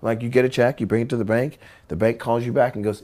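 A man's voice: mid-range voice, fairly even intonation, fast talker, darkish tone. A man and former pro skateboarder telling stories in casual talk, acting out quotes in many voices and swearing freely. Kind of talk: casual storytelling.

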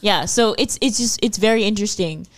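A woman's voice: medium pitch, brisk. Chatty woman co-hosting a podcast. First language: Spanish. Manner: chatty, swears a lot, lots of fillers. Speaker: podcast co-host. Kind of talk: casual chat.

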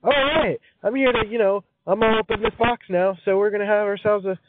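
A man putting on a high, bouncy voice for a cheerful crayon greeting friends at a party. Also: fairly quick, background noise, lightly acted. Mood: upbeat. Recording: dry, phone-like sound.

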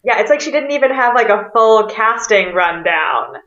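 A woman chatting on a podcast, quick and animated, laughing often between thoughts. Her voice sits in a roomy, echoey space. The sound is a little dull and muffled. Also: fairly high pitch. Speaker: podcast co-host. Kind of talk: casual chat.

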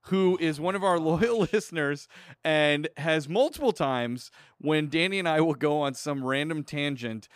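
A man co-hosting a podcast, chatty and excitable. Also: a little high, moderate pace, clear, resonant tone, dry recording, clean studio sound. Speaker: podcast co-host. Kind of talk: casual podcast chat.

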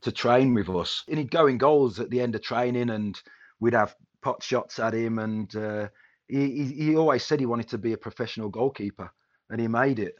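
A man, a former footballer, reminiscing casually in a rambling way with many restarts. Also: mid-range voice. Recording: dull lo-fi sound.

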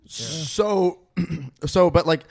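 A man's voice: fairly high pitch, extremely slow, vocal fry, slightly rough. Teasing man rambling in banter. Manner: teasing, rambling with many fillers. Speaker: podcast co-host. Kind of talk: casual banter.

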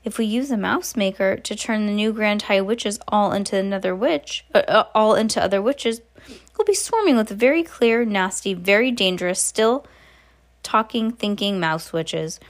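An eager young boy, turned into a mouse, presses his questions one after another, as a woman reading a storybook aloud puts him on. The pitch stays in an ordinary middle range, and the whole thing is read in storybook style. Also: normal speed, lightly acted. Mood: worried.

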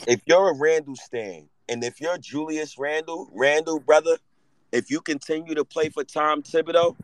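A man in his thirties hosting a podcast, excitable and profane, with big swings in pitch and loudness. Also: moderate pace, slight background noise, rough recording. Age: 30s. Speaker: podcast host. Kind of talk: casual chat.

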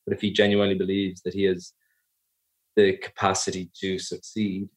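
A young Irish man with a low, deep voice talks through his answers slowly and thoughtfully. He often stops to rephrase, and he sounds like an actor reflecting on his work in an interview. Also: monotone. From Ireland. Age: young adult. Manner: thoughtful, measured, self-correcting. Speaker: actor guest. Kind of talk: podcast interview.

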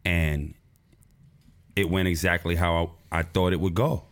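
A man talking basketball on a casual podcast, animated, cursing and laughing as he gets excited. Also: sits low, unhurried. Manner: animated, swears, laughs often, rises when excited. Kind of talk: casual sports chat.

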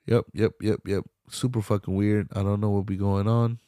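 A man's voice: lowish voice, little pitch movement, moderate pace, warm tone, no echo, clean studio sound. A young man hosting a podcast, rambling casually with slang, swearing and laughter. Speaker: podcast host. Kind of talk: casual solo commentary.

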